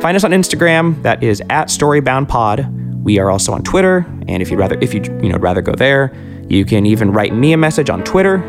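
A man's voice: medium pitch, very animated, a little fast, over music. Laid-back upbeat male podcast host. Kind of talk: casual outro chat.

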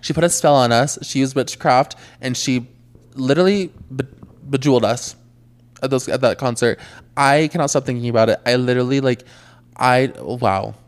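A young man in his twenties co-hosting a casual podcast, with a mid-range voice. He talks in an excitable, gushing way and fills his speech with "like". The chat is loose and friendly. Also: mid-range voice, moderate pace, smooth. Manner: gushing, excitable, filler-heavy. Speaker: podcast co-host.

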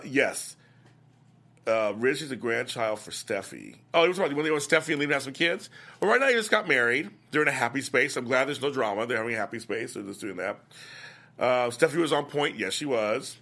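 An older man hosting a soap opera after-show, recapping episodes in casual, animated chat and acting out characters' lines. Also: mid-range voice. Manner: chatty, animated, laughs often, acts out lines. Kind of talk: casual recap chat reading viewer comments.

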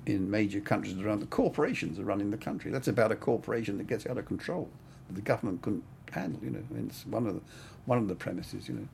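A man's voice: on the low side, fast, gravelly, few pauses, a little mellow, a little hiss or hum. An older man, a cinematographer, telling stories in a casual interview, rambling with plenty of "I mean" and "you know".

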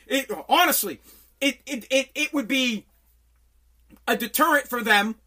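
A man hosting a podcast from his home basement, delivering an angry, profane political rant that bursts into shouting. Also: extremely high pitch, a little slow. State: sweating. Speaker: podcast host.

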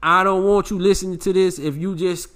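A young man delivers a self-help podcast monologue. His voice sits somewhat high for a man. He talks with brash, preachy swagger and heavy slang. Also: steady tone, fairly quick, fairly bright tone. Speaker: podcast host.

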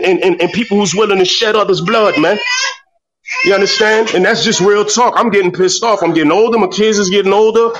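A man's voice: high-pitched, a bit bright, dull audio. A middle-aged man giving a fiery, profane rant in an online voice room, often stumbling over repeated words. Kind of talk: impassioned rant. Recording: distant, breaking-up phone audio.

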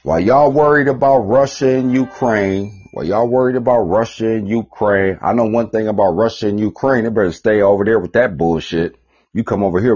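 A man hosting a podcast, ranting in a profane, rambling monologue, repeating himself and swinging between loud bursts and mutters. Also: lowish voice, slightly rough. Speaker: podcast host. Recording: dull lo-fi podcast recording.

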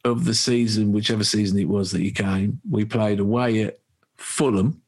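A man's voice: lowish voice, moderate pace, husky. A man hosting a casual chat, telling stories and laughing often. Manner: laughs often, lively storytelling. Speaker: podcast host.

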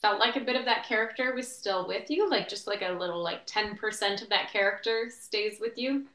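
A woman chats on a podcast about acting, warmly affirming what her host says. Her voice is bright and forceful, and it rings around a roomy, echoey space. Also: medium pitch, brisk. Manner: encouraging, affirming. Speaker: podcast guest, actor. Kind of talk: casual interview chat.

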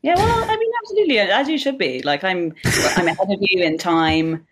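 A woman's voice: mid-range voice, animated, brisk, slightly rough. A woman from Southeast England with a Southern English accent, a podcast guest chatting in a playful, teasing way. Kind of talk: casual chat.

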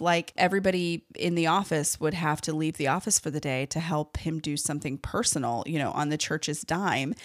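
A woman's voice: sits low, no echo, studio quality. A woman hosting a solo podcast, talking candidly and emphatically about her own church experiences in a casual, filler-heavy way. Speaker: podcast host.

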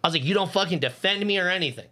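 A man's voice: high voice, rapid-fire, sharp tone. A man co-hosting a casual podcast, telling a story in a heated, profane rant while worked up and hot under the collar. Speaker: podcast co-host.

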